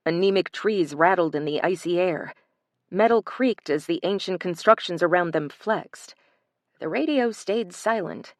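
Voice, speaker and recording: Measured woman narrating a thriller audiobook. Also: lowish voice, no room sound, clean studio sound. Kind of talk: scripted narration.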